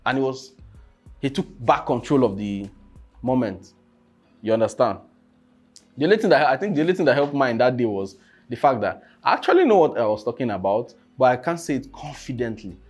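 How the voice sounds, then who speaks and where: Faint background music accompanies a young man coaching on presentations in a laid-back teaching style. His medium-pitched delivery is brisk and sing-song, punctuated by sudden loud outbursts and frequent "you understand?"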